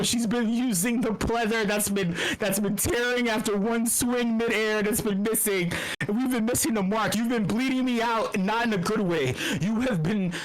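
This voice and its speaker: Over a computer microphone at an online meetup, a weary host with a mid-range voice launches into a profane, funny tirade about finance. The recording is rough, and the delivery wanders, with stumbles, restarted sentences, and mocking quotations.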